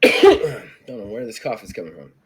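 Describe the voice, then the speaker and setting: Hoarse, animated game master man. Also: medium pitch, moderate pace, a little hiss or hum. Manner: animated, laughs often. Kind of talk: narrating a tabletop game.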